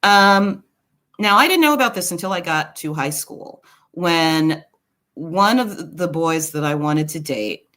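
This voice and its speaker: A woman from Brooklyn telling a personal story in a casual, digressive monologue, with quick asides to the viewer. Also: sits low. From Brooklyn, New York. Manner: animated, swings her voice widely. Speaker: commentary channel host.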